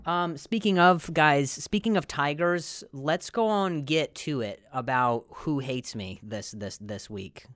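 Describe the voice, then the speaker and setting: A man's voice: fairly high pitch, slow, hardly any pauses, fairly bright tone, dry recording. A man hosting a podcast in a rambling, jokey monologue, stumbling over words and laughing at his own jokes. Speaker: podcast host. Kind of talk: casual comedic monologue.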